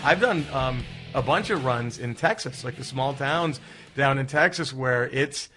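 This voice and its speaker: Bright, animated storytelling man. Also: mid-range voice, a little slow, soft background music. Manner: animated storyteller who acts out quotes. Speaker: comedian guest. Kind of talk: storytelling in casual chat.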